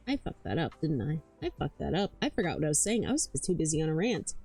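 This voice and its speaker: A woman's voice: sits low, very animated, quick pace, vocal fry, few pauses, dark tone, husky, soft background music. A woman streaming, chatting casually and rambling, swearing often and tripping over her words, hyper but tired. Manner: rambling, swears a lot, stammers and repeats herself.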